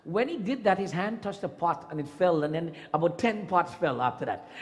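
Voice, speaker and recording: A man's voice: sits high, brisk. A man giving a sermon as a temple priest, telling a story and acting out its voices. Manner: lively storyteller who acts out the story voices. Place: temple hall. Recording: long reverb in a temple hall.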